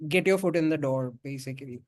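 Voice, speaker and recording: A man's voice: medium pitch, fast talker. A man with a noticeable accent asking a coaching question on a call, hesitant and full of fillers. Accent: non-native accent.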